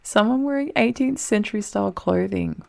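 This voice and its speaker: A woman's voice: mid-range voice, normal speed, creaky. A young Australian woman giving casual, frantic commentary while playing a map game, swearing under her breath.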